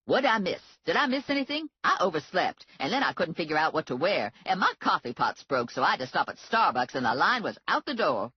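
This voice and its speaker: A woman doing a loud, sassy sidekick. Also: low voice, sing-song, a little fast, hardly any pauses, breathy edge, no room sound, lo-fi sound, heavily acted.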